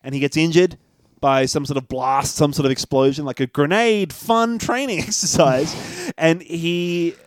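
A man's voice: a little high, normal speed, slight background noise. A man co-hosting a casual film review podcast, chatty, laughing often and swearing casually. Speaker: podcast co-host.

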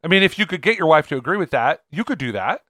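A man's voice: fairly high pitch, big pitch swings, sharp tone, no room sound, studio quality. Earnest man co-hosting a podcast. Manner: earnest, halting with restarts. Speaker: podcast co-host. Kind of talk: casual podcast chat.

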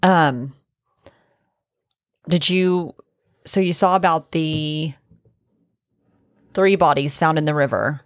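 A woman from Oklahoma co-hosting a podcast in casual chat, talkative and quick to laugh. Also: sits low, no echo, clean studio sound. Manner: chatty, restless, quick to laugh. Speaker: podcast co-host.

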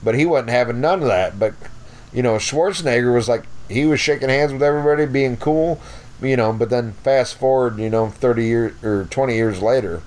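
A man's voice: mid-range voice, brisk, a little mellow. Guest, man in his fifties, blunt and foul-mouthed raconteur. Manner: profane, rambling, blunt. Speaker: podcast guest. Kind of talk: casual storytelling.

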